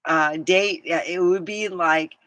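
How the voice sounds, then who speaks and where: A woman's voice: lowish voice, steady tone, takes it slowly, fairly bright tone, no room sound. A middle-aged woman vlogging, telling a rambling story in a casual, giggly way. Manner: rambling, giggly, breaks into laughter.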